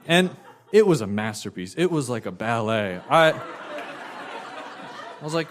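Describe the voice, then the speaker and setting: Animated male storyteller. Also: medium pitch, measured pace, long pauses, slight background noise. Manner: animated, emphatic, self-mocking. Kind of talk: personal storytelling.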